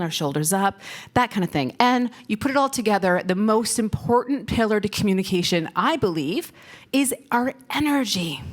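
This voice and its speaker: A woman giving a conference keynote on stage, telling stories playfully, laughing often and talking directly to the audience. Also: medium pitch. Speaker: keynote speaker. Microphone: stage microphone.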